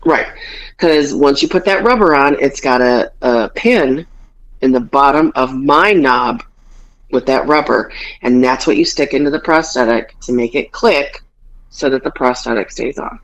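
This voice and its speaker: A woman's voice: very deep voice, unhurried. A woman hosting a casual podcast, telling a story with bawdy humor and acting out both sides of a conversation. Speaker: podcast host. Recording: dull lo-fi podcast audio.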